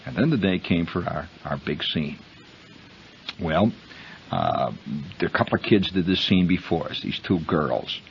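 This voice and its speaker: A man's voice: sits low, very animated, measured pace, gravelly, long pauses, a little hiss or hum. A man hosting a radio show, telling a long rambling story to his listeners and calling them friends. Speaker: radio host. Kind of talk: storytelling monologue. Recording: muffled vintage radio broadcast.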